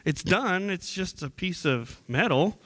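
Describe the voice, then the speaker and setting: A man's voice: high-pitched, animated, a little slow, a bit bright. A young man preaching as a youth minister in church, earnest and conversational, often repeating words and restarting sentences. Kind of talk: sermon.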